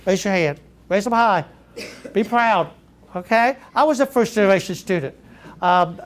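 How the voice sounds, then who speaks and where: A middle-aged man from Southeast Georgia, with a Georgia accent and a voice that sits high, gives a keynote speech to educators. He's a lively storyteller who draws the audience in and quizzes them along the way.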